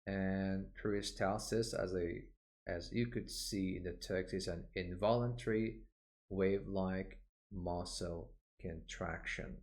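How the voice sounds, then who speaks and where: A man with a very low voice teaches medical terms in a recorded online lesson. He speaks slowly and patiently, explaining each word and saying it again so learners can copy the pronunciation. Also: fairly even intonation, darkish tone. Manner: explanatory, with frequent "uh" fillers. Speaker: English vocabulary teacher.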